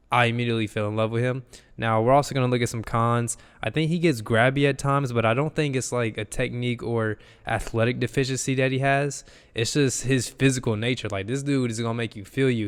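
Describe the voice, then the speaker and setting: A man's voice: mid-range voice, clear, resonant tone, long reverb tail. A young man, an enthusiastic football analyst, talking loosely through game film and repeating himself as he goes. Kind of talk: casual film breakdown.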